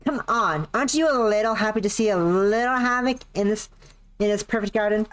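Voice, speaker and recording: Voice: medium pitch, a little fast, fairly bright tone, clean tone, natural voice. A streamer voicing a brash, teasing young woman pilot in a visual novel, with a blunt, taunting manner. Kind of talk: visual novel dialogue read aloud.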